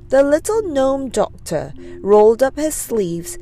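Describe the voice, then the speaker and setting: A woman reading a children's storybook aloud, gentle and expressive. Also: high-pitched, slow pace, soft background music.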